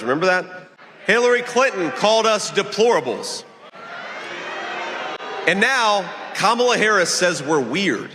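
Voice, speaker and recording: A man giving a rousing rally speech in a large arena, some lines shouted. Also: high-pitched, expressive, normal speed, pauses often, noisy background. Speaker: political rally speaker. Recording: long arena reverb.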